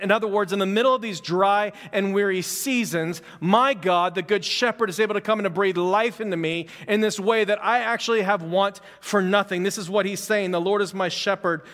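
A man delivering a sermon in a casual, conversational way, building fervor through repeated phrases. His voice sits high for a man. The sound carries a long reverb, like a large church sanctuary. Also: a little fast, hardly any pauses, fairly bright tone. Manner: conversational, fervent preaching with repetition. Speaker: pastor.

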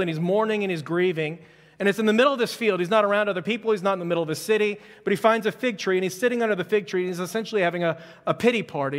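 A man's voice: high voice, fairly bright tone, big-room sound. A man preaching a conversational sermon as pastor, reading scripture and adding joking asides. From Houston, Texas.

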